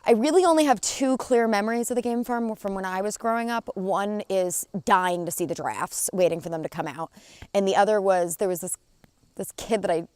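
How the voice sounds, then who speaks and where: A woman's voice: medium pitch, a little fast, darkish tone, clean tone, no echo. A woman, the site's owner, giving a plain and informative documentary interview with a wry edge. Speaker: new owner of the property.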